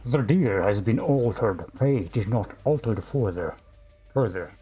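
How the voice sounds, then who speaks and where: A man doing an impression of a menacing masked male space villain, speaking slowly and solemnly. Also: fairly low pitch, expressive, muffled recording, soft background music. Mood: ominous. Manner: slow, solemn, repeated tries at a famous line.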